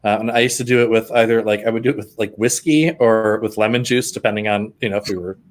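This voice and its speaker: A man's voice: lowish voice, fairly even intonation, fast. Rambling, hesitant man in casual chat. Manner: rambling, hesitant, with fillers and restarts. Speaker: podcast co-host.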